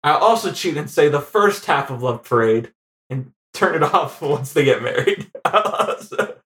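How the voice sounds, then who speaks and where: A man co-hosting a casual film podcast, who laughs often and talks in an animated, chatty way. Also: a little high, measured pace. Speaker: podcast co-host.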